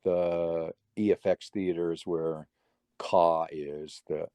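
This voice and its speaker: A man's voice: sits low, fairly even intonation, takes it slowly, mellow, no echo. A middle-aged man, a guest magician, telling long stories in a casual interview, rambling with many restarts and quoting other people's words.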